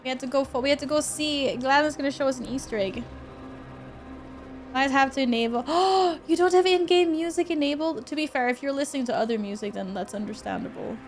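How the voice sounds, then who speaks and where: High-pitched woman streamer, chatty and expressive, faint game music under her. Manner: chatty, reacts to chat and thanks tippers; expressive, often laughing. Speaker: livestreamer. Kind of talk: casual live-stream chat with viewers.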